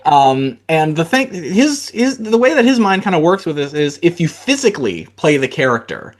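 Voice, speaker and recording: A man's voice: fairly high pitch, very animated, moderate pace. A man hosting an interview podcast, talking casually and hesitantly with many fillers. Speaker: podcast host.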